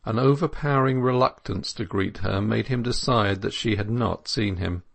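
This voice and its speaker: Low gravelly male audiobook narrator. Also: normal speed. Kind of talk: scripted narration of a classic novel.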